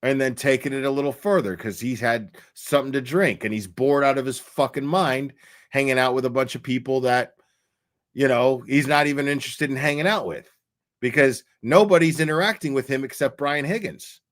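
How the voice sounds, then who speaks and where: A man's voice: mid-range voice, normal speed. A man ranting in casual commentary on a stream, swearing a lot and acting out the people he talks about. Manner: profane, animated, acts out quoted people.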